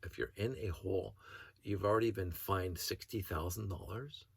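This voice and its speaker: A man with a low, gravelly voice tells a story in a loose, rambling monologue, often restarting his sentences and slipping in short laughs. His tone is husky. The sound is dry and close, with no room echo. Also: normal speed. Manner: rambling, self-interrupting storyteller who laughs between thoughts. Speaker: hobby vlogger.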